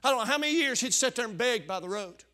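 High-pitched preacher, bright and fervent. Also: male voice, lively intonation, fast talker. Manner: fervent preaching, shouting at climaxes. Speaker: pastor. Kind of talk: sermon.

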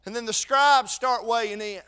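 A man preaching a sermon with fervor, going from shouted peaks to quiet intensity and repeating words as he restarts his sentences. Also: very high-pitched, normal speed, clear, resonant tone.

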